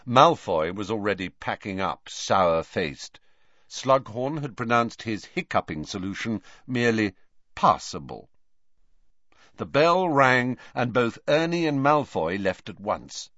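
Man, audiobook narration, expressive, low pitch, dry sound. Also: measured pace, no echo. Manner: expressive, character-voiced reading. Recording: dull lo-fi dry recording.

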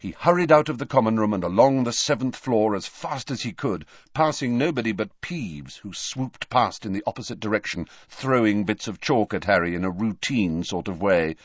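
A man reading an audiobook aloud in an animated way. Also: on the low side, moderate pace, dry recording. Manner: animated, varied character voices. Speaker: narrator. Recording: dry, dull lo-fi.

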